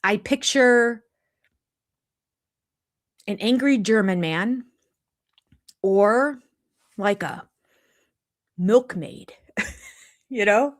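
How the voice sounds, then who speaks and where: A woman's voice: mid-range voice, extremely slow, pauses often. An older woman hosting a live chat from her home, rambling and jumping between topics. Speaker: channel host. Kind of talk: live chat reviewing a reality show. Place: home room.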